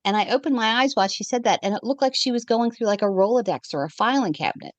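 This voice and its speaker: A woman guest on a podcast, telling her own story in a lively way and acting out the lines of the people in it. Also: fairly high pitch, quick pace, no room sound. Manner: animated storyteller who acts out the quoted dialogue. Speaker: guest, evidential medium. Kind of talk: personal storytelling in a podcast conversation.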